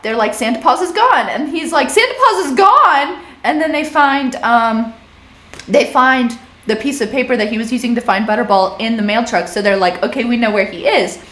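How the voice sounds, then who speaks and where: A woman's voice: high-pitched, reverberant. A young woman vlogger casually recapping movies, rambling and chatty with many fillers.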